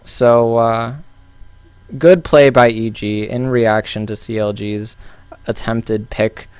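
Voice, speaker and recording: A man's voice: medium pitch, fairly even intonation, slow pace, clean tone, dry recording. A man casually analyzing a recorded esports match, thinking aloud with frequent fillers and restarts. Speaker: game analyst. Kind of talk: casual game analysis commentary.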